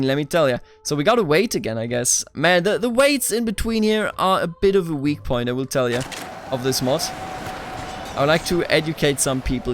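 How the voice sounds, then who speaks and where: A man's voice: a little high, sing-song, normal speed. A young man giving casual, playful gameplay commentary as the host, chatting back at the characters on screen. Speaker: let's play host.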